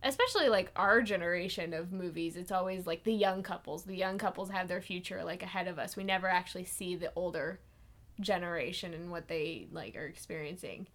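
A woman's voice: lowish voice, brisk, a bit bright. A young woman co-hosting a podcast, chatting enthusiastically about a film and laughing often. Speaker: podcast co-host. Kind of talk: casual film chat.

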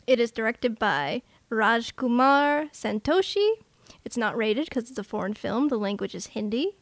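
A woman co-hosting a film podcast in a casual chat, talking in quick asides and laughing often. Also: a little high, animated, no echo. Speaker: podcast co-host.

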